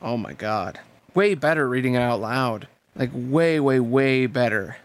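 A man's voice: medium pitch, animated, unhurried. Man, novel read aloud, casual chat, swears freely, enthusiastic. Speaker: reader and host.

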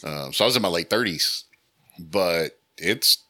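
A man's voice: deep voice, expressive, measured pace, sharp tone. A man in his forties, a podcast guest, telling laid-back anecdotes in casual chat.

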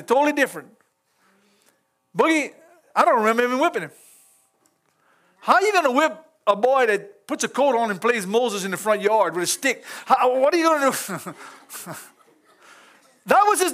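A middle-aged man with a strikingly high voice leads an informal church sermon. His delivery is folksy and chatty, dotted with chuckles, and he speaks directly to the people in the pews. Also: fairly bright tone. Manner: folksy, chuckling, talks straight to the congregation. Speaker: pastor.

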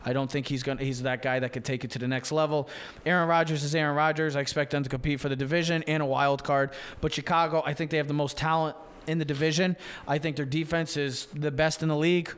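A man's voice: a little high, level tone, smooth. Opinionated man picking football teams. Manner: opinionated, talks in quick runs of names and picks. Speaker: sports show co-host. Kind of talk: casual sports debate.

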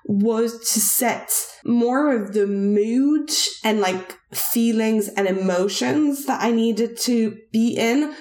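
A woman's voice: fairly high pitch, slow pace, few pauses, mellow. A woman in her thirties with a non-native English accent, co-hosting a podcast in casual chat and rambling with many fillers and restarts. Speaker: podcast co-host. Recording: roomy echo.

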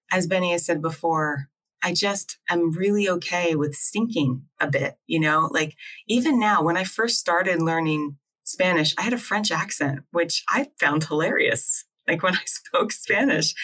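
A woman's voice: on the low side, moderate pace, fairly bright tone, low-quality recording. A woman from New Jersey chatting casually as co-host, talking in a rambling way with frequent restarts. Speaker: co-host, acupuncturist. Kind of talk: casual video chat.

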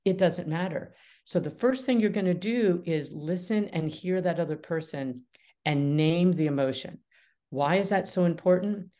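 A middle-aged woman, a guest mediator and author, talking with animated energy in a podcast interview and laughing often. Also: lowish voice, moderate pace. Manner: lively, animated, laughs often, acts out dialogue.

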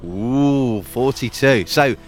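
A man's voice: mid-range voice, slow, faint music behind. A man co-hosting a podcast, making wry, playful jokes in casual conversation. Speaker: podcast co-host.

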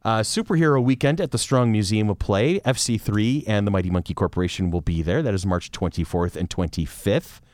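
A man hosting a podcast, chatting in a relaxed way and reading out announcements. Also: lowish voice, a little fast, hardly any pauses, no room sound. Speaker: podcast host. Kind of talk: casual podcast chat.

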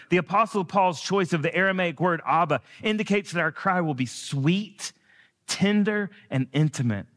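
A man preaching a sermon in a church, earnest and building to emphatic peaks, slowing down on key phrases. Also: high-pitched, animated, a bit bright, in a large hall. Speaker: guest preacher. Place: church sanctuary.

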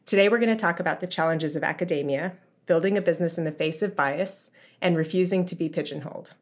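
A woman's voice: on the low side, fast talker. A woman hosting a podcast interview in a friendly, easygoing way. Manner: friendly, easygoing, laughs often. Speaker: podcast host.

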